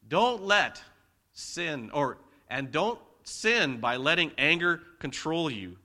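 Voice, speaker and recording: A man preaching a conversational sermon in church, swinging between loud emphasis and quiet asides. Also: mid-range voice. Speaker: pastor.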